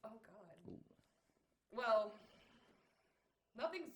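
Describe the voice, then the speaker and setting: A woman's voice: a little high, sing-song, drawn-out words, a bit bright, slight background noise. A woman in her thirties chatting casually as a podcast guest, matter-of-fact and laughing easily. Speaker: guest, event coordinator.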